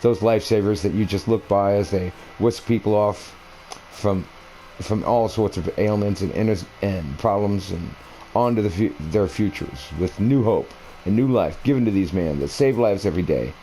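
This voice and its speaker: A man with a deep, mellow voice talks casually over his console gameplay. He wanders from one thought to the next, full of fillers and restarts, and a faint hiss sits under the recording. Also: normal speed, rough recording. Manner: meandering, conversational, many fillers and restarts. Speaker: gaming video creator. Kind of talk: rambling personal storytelling over gameplay. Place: at home, playing a console game.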